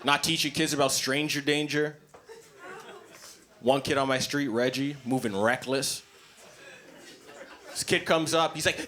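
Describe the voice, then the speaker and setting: A man doing a stand-up comedy set in a club, blunt, profane and animated. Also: medium pitch, unhurried, pauses often. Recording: live comedy club, noisy ambience.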